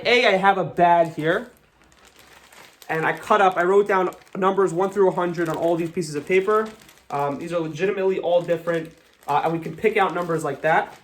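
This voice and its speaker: American male magician, young, slightly high voice, jokey and chatty patter. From United States. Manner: chatty, joking, self-deprecating. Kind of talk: live magic show patter.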